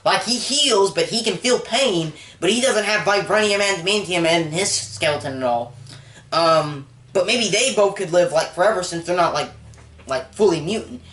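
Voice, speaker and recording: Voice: mid-range voice, lively intonation, moderate pace, fairly bright tone, roomy sound. A movie reviewer recapping a film in a rambling, casual way, full of "like" and openly emotional about the story.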